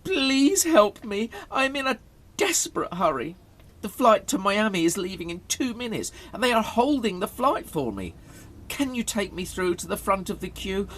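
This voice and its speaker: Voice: medium pitch, a bit bright, slight background noise, pitched above the performer's own voice. A reader voicing a desperate male traveler who pleads in a put-on pathetic voice. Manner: pleading, whiny.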